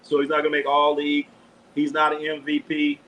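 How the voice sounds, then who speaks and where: An older man from Los Angeles hosts a live sports chat. He trash-talks players and teams in a loose, profane, animated way. His voice sits a little high for a man. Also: a little fast, a little hiss or hum, rough recording. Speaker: sports show host.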